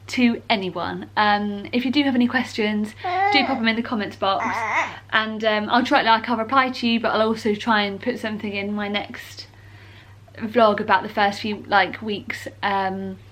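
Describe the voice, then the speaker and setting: A British woman telling her birth story in a casual vlog. She rambles warmly with lots of ums and likes, a little emotional and teary. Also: fairly high pitch.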